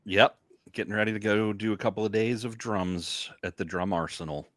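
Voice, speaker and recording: In a relaxed, chatty conversation, a middle-aged man co-hosts a podcast. His pitch is fairly low and his speed normal, captured in a dry, clean studio recording.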